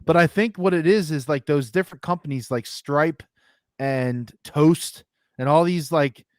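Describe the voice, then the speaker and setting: A man speaks in an easygoing, chatty way, chiming in and explaining. His voice sits a little high. The sound is dry and close to the mic. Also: a little slow, a little mellow, dry recording. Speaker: podcast co-host. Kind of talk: casual chat.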